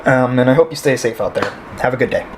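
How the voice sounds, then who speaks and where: A man's voice: medium pitch, quick pace, slight background noise, close to an everyday voice. A man playing a quarantined patient who grows uneasy and furious, in an amateur audio drama. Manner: uneasy, then bursts into shouting rage.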